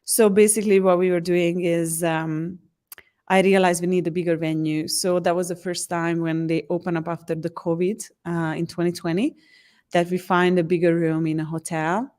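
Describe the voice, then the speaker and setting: A woman's voice: fairly low pitch, normal speed. Earnest woman coach. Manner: earnest, frequent restarts, lively acted quotes. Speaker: empowerment coach. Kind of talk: conversational interview answer.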